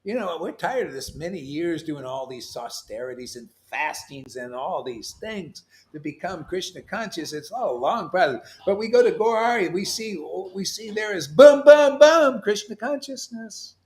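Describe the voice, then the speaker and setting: A man giving an animated sermon as a spiritual teacher, loud and mocking, yelling at times and breaking into laughter. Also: on the high side, moderate pace, few pauses.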